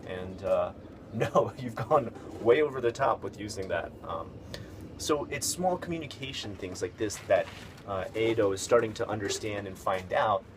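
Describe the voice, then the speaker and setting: A man's voice: lowish voice, lively intonation, normal speed. A man hosting a video, telling a story in a casual, rambling way with many fillers and restarts. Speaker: video host. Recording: noticeable background noise.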